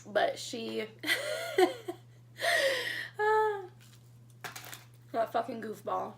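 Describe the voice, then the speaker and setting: A young woman telling her engagement story in a casual storytime vlog, chatty and excitable, getting emotional as she talks. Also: mid-range voice, moderate pace, gravelly, a little hiss or hum. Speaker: vlogger.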